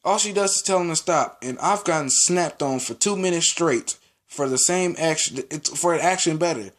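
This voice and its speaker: A man's voice: a little high, normal speed, a bit bright. A teenage male vlogger telling a school story in a casual, rambling way, with many restarts and acted-out quotes.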